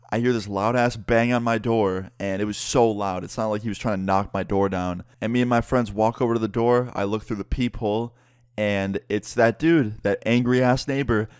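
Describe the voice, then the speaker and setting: A young man telling a story in a casual, profane and animated vlog style. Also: fairly low pitch, dry recording, studio quality. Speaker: vlogger and musician.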